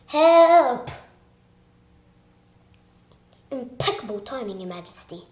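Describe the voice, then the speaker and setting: Woman, hesitant, casual audition intro, fairly high voice, echoey room. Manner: hesitant, with fillers. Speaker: audition performer. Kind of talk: casual self-recorded audition.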